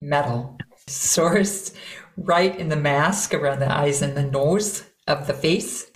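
A middle-aged woman, a voice coach, talking in an interview and demonstrating sounds with sudden loud bursts. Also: low-pitched, slow. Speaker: voice coach guest. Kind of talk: conversational interview. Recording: roomy echo.

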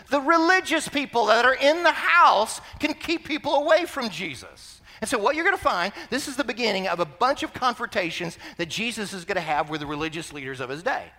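A male pastor preaching a sermon in an animated way, full of rhetorical questions. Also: very high-pitched, moderate pace, long reverb tail.

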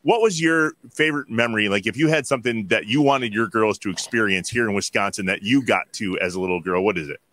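A man's voice: lowish voice, fast talker, few pauses, a bit bright. A man hosting a casual talk show, upbeat and jokey with his guest. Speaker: host. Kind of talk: casual chat and read ad.

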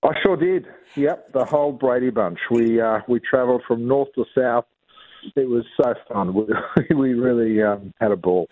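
A man's voice: mid-range voice, moderate pace. Man on a tinny phone line. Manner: upbeat, chatty, laughs easily. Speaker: celebrity chef guest. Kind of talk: casual phone interview.

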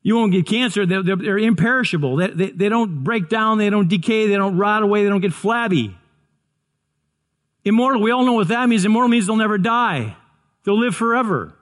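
High-voiced older preacher. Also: male voice, a little fast. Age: 60s. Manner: earnest, stumbling restarts, builds to excited shouts. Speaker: pastor. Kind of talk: sermon.

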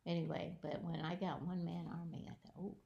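A woman in casual chat about a crossword, speaking quietly and softly, often just murmuring agreement. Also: on the low side, level tone, brisk, gravelly, a little hiss or hum. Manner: quiet, soft-spoken, frequent murmured uh-huhs. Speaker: crossword podcast co-host. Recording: dull lo-fi sound.

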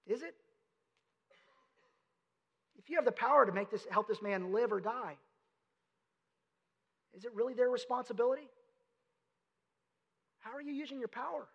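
High-voiced pastor preaching in a reverberant hall. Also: male voice, moderate pace, vocal fry, pauses often, breathy edge, highs cut off. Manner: conversational, emphatic preaching with rhetorical questions. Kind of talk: sermon. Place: church sanctuary.

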